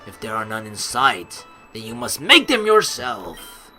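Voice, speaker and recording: A woman voicing a sly, stern male teacher of poison tactics in a visual novel, speaking in a grave, measured, commanding way. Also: very deep voice, very animated, sharp tone, soft background music, pitched below the performer's own voice, exaggerated voice.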